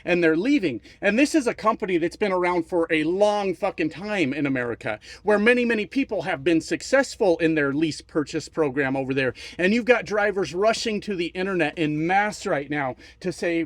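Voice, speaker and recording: Man, high-pitched, profane heated rant, dry close sound, casual talk to viewers. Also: animated, moderate pace, few pauses, no room sound. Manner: profane, heated, repeats for emphasis. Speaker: trucking YouTuber.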